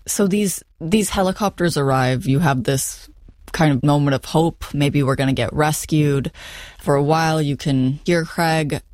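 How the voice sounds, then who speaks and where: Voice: medium pitch, unhurried, a little mellow, no room sound, studio quality. An interviewer recapping a guest's story and asking short follow-up questions. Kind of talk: conversational interview.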